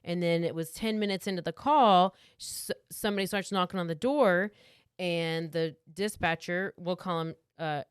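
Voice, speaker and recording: In a casual podcast conversation, a co-host relays a true crime story, acting out what people said and saying "like" frequently. Her lowish voice is clear and resonant at a moderate pace, in studio quality with no echo.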